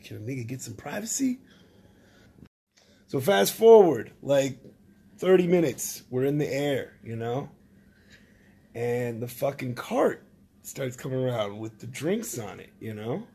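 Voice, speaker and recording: A man telling a rambling, profane comic story, swinging from loud outbursts to low mutters. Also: big pitch swings, unhurried, breathy edge.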